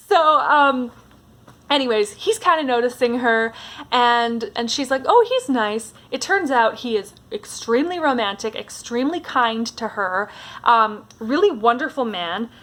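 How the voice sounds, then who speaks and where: A woman reviewing a book in a casual vlog, retelling the story in a chatty, animated way with lots of fillers. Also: on the high side. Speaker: book vlogger.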